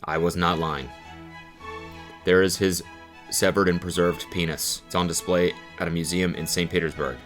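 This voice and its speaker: A man in his thirties doing comedic reaction commentary on podcast clips, swinging into loud goofy voices and crude jokes. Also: low-pitched, level tone, normal speed, soft background music. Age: 30s. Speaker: commentary host.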